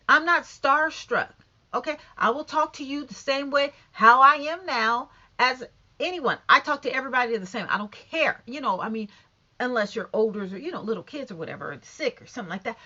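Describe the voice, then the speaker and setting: A woman's voice: high-pitched, lo-fi sound. A woman in her fifties ranting bluntly and profanely in a casual vlog. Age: 50s. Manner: blunt, profane, animated and emphatic. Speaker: vlogger. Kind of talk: casual rant to camera.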